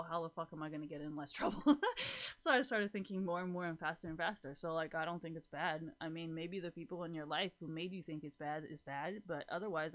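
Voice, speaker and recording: A woman's voice: lowish voice, fairly bright tone. A young woman casually telling a story to the camera in a rambling vlog, laughing often, swearing freely and filling her talk with "like". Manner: rambling, giggly, swears a lot, lots of "like". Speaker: vlogger.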